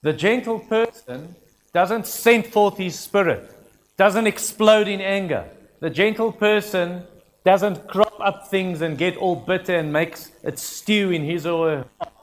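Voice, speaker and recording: A man's voice: sits high, unhurried. A man preaching a sermon in an earnest, emphatic way, repeating his key phrases.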